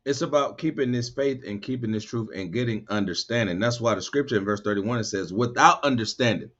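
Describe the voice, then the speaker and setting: A man leading a bible study, reading verses slowly and then explaining them in loose, animated street talk. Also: mid-range voice. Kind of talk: scripture study teaching. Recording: dull lo-fi sound.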